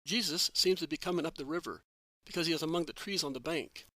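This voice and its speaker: A man narrating an audiobook in a measured, earnest way. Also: on the high side, sharp tone, dry recording. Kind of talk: audiobook reading.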